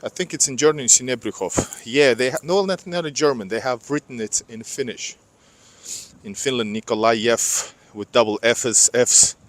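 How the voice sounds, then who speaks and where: A vlogger with a medium-pitched voice talks at a normal speed while walking a city street in winter. He rambles casually to viewers he addresses as "guys," recorded on a clip-on microphone for a live street vlog.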